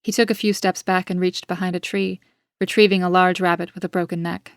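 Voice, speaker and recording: A woman author reading her own gothic story in an even, measured narration. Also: lowish voice, smooth, no room sound, studio quality. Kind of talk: scripted audiobook narration.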